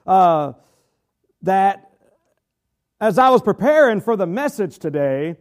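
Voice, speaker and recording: A man with a high-pitched voice teaches a Bible study in an earnest, preaching style. He reads scripture with measured weight and drags out key phrases for emphasis. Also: darkish tone. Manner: earnest, slows down hard to stress key phrases.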